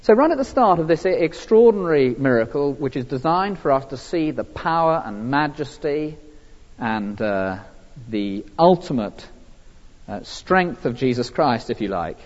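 A man's voice: mid-range voice, sing-song, measured pace, darkish tone. A man preaching a sermon earnestly, with frequent fillers and restarts. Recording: dull, lo-fi recording with long hall reverb.

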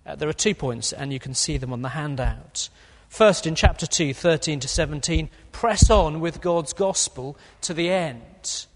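A man's voice: on the high side, moderate pace. A man preaching an earnest expository sermon, with a few fillers. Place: church. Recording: long hall reverb.

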